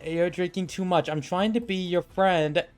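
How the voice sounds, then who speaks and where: A man's voice: high-pitched, moderate pace, voice pushed up, lightly acted. A man doing a scolding goddess wife. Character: exasperated goddess wife, stern.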